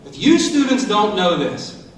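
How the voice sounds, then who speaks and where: A middle-aged motivational speaker addresses a school assembly, joking and coaching in an animated way at a measured pace. His high, bright voice swings widely, he sounds far from the mic, and heavy echo fills the large hall.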